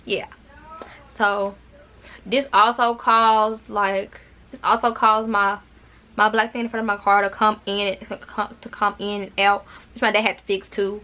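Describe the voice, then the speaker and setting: Bright-voiced young woman. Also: medium pitch, flat delivery, measured pace. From Arkansas. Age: young adult. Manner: chatty and dramatic, with repeated words and asides to viewers. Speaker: vlogger. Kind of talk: casual storytime chat.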